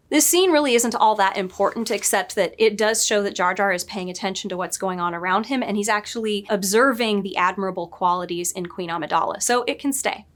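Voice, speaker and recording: A woman's voice: medium pitch, a bit bright. A middle-aged woman story editor giving casual commentary to camera, thinking aloud with frequent self-corrections and light laughs.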